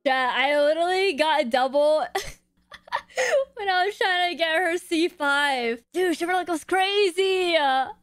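A young woman streaming her game pulls, excitable, gasping and shrieking as she reacts to her chat. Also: extremely high pitch, a little slow, no room sound, studio quality. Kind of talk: live-stream gacha reactions.

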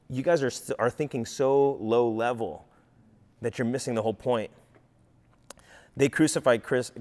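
Male preacher, casual sermon, conversational, plays out quotes; mid-pitched voice, long hall reverb. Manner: conversational, acts out quoted voices, many fillers.

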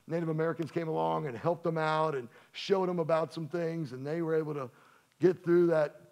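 A man preaching in a church sanctuary, telling jokes and talking to his congregation as if chatting with friends. His voice sits a little high for a man and has a gravelly edge. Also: fairly even intonation, brisk, darkish tone. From Louisiana. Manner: folksy, joking, conversational preaching. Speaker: pastor. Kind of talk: sermon.

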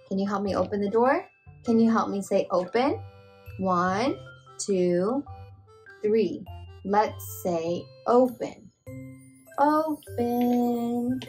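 A children's show host with a fairly high, fairly bright voice talks to toddlers in a slow sing-song. She asks the viewer simple questions and makes animal sounds.

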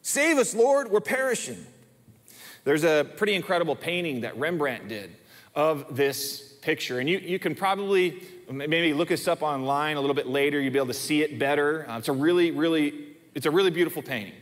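The long reverb of a church hall surrounds this male pastor as he preaches in the sanctuary. His voice is on the high side and brisk, and he emphasizes points by repeating words.

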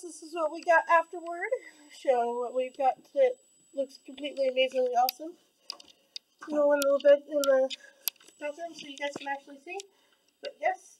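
A woman's voice: high voice, recorded from a distance, poor audio. A woman vlogging from her couch at home, gushing and upbeat, a little out of breath. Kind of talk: casual vlog outro.

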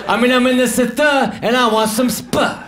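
Deadpan stand-up guy, kinda high voice, offhand one-liners, live club tape w/ crowd noise all over. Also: normal speed. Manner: deadpan, offhand one-liners, drifts into low muttered asides. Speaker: stand-up comedian. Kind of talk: stand-up comedy set. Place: comedy club stage with laughing audience. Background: audience laughter.

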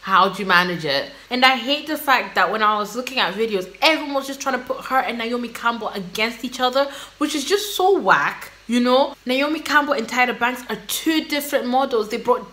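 A woman hosting a reaction video, gushing and excitable in casual commentary. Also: on the high side, fairly quick, few pauses. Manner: gushing, excitable, exclaiming and laughing.

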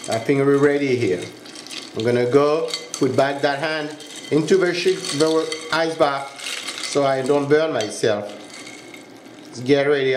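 A man's voice: medium pitch, echoey room, noisy background. A man with a French accent, a pastry chef giving a step-by-step cooking demonstration in a kitchen. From France. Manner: instructive, step-by-step, checks in with "huh?".

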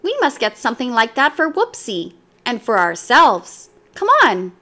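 A woman's voice: on the high side, sing-song, unhurried, heavily acted. Woman voicing a kind big-brother gorilla. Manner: gentle, coaxing, explaining.

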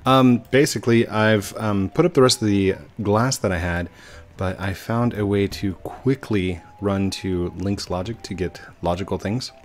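A man's voice: on the low side, unhurried. A man giving casual gameplay commentary, rambling with many fillers and restarts. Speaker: gaming video host.

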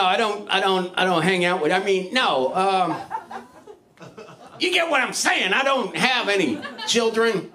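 A middle-aged man works an open mic crowd with crude, rambling, self-mocking stand-up and shouts his punchlines. His voice sits high and sounds bright and forceful through a handheld stage mic in a small club. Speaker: stand-up comedian.

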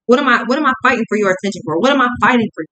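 A woman's voice: a little high, lively intonation, sharp tone, rough recording. Profane, slangy young woman reading tarot. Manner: profane, slangy, acts out both sides in quick asides. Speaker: tarot reader.

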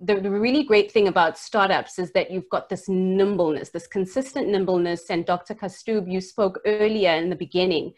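A woman panelist on a video call, giving brisk, earnest advice. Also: mid-range voice, fairly even intonation, a little mellow. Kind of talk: online panel discussion.

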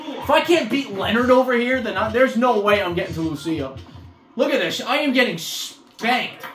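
A woman gamer with a fairly high voice that jumps all over the place. She narrates her play, swears constantly and yells at the screen when things go wrong. The room sounds echoey, and faint game music plays underneath. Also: animated, normal speed. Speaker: video game player. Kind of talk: let's-play commentary. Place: room at home while playing a motion-control console.

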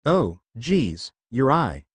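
A man's voice: medium pitch, very animated, extremely slow, breathy edge, no room sound, full character voice. A man voicing a nervous, awkward young male ninja in a story reading, with hesitant, fumbling lines.

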